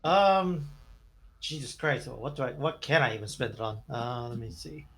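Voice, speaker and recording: A man's voice: medium pitch, moderate pace, a bit bright, low-quality recording. A man playing a tabletop game, thinking his moves through aloud. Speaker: player.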